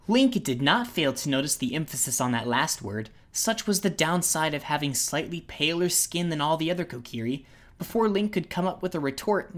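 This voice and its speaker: A woman narrating a fan-made storybook audiobook with even storytelling. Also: low voice.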